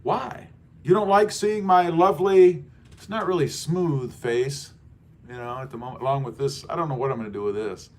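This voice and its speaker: A man's voice: a little high, normal speed. A man hosting a casual livestream, reading viewers' comments aloud and joking about himself. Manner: jokey, self-deprecating, reads chat aloud. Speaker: livestream host.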